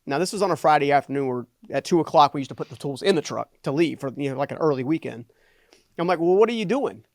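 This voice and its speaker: A middle-aged man, a guest on a podcast, telling a personal story in an animated way and often adding "right?" for emphasis. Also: fairly high pitch, fast, no echo, studio quality. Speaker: guest, entrepreneur and motivational speaker.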